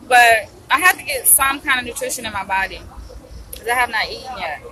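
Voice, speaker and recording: Vlogger woman, slightly high voice, gushing to her viewers while eating, road noise behind her. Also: moderate pace, low-quality recording. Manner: excited, gushing, addresses viewers as y'all. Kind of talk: casual vlog to viewers.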